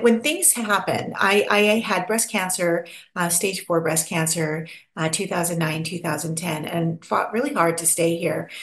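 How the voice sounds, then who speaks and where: An American woman from Pennsylvania, a guest chatting expressively in a casual interview. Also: on the low side. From Pennsylvania, USA. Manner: expressive, chatty, acts out little quoted voices. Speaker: podcast guest. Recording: roomy echo.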